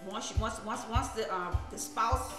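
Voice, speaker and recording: A woman minister with a slightly high voice hosts a casual live stream at a moderate pace, laughing often, repeating herself, and slipping in preachy asides. The room sounds echoey, with music playing behind her.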